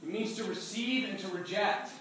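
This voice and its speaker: Animated, joking male pastor preaching. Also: high voice, moderate pace, very noisy. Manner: animated, joking, acts out voices. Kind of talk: sermon. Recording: echoey hall from far off.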